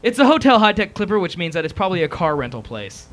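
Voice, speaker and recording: A man's voice: high-pitched, fast talker, soft background music. A man joking with friends while making prank calls on a computer mic. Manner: joking, animated. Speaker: prank caller. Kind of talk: casual group chat.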